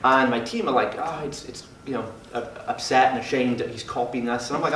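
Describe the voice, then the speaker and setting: A man's voice: mid-range voice, a little fast, hardly any pauses, fairly bright tone, a little hiss or hum. A man leading a mastermind group for gym owners, talking in a brash and profane way. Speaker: fitness business mentor. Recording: roomy sound from a distant mic.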